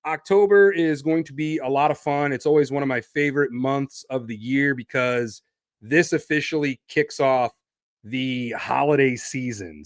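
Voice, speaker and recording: A man hosting his own podcast, talking casually while standing and moving around, with an energetic, promo-style delivery. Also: fairly high pitch, no room sound, clean studio sound. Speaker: podcast host.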